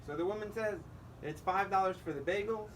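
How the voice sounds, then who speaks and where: A man's voice: sits high, brisk, a bit bright, far from the mic, slight background noise, rough recording. A male rabbi giving a holiday sermon, telling a joke as a story and acting out the dialogue. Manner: storytelling, quoting characters in dialogue.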